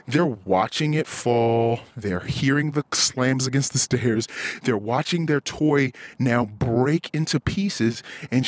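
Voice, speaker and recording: A man's voice: mid-range voice, no echo. A man hosting a podcast, venting in a blunt, profane, frustrated casual monologue. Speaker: podcast host.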